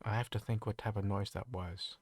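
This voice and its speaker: A man's voice: lowish voice, steady tone, brisk, a little mellow, husky, no room sound, studio quality. A man running a tabletop game, describing scenes with frequent restarts. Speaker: game master.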